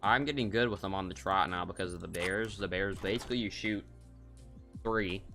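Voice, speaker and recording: A man's voice: low voice, brisk, bright, forceful tone, faint music behind. A man streaming a hunting game, giving casual, rambling commentary and cracking jokes as he thinks aloud.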